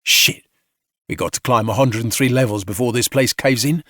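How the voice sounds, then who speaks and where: A man voicing a gruff, blunt burly male soldier in a sci-fi audiobook. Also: medium pitch, normal speed, pushed and bright, no room sound, studio quality.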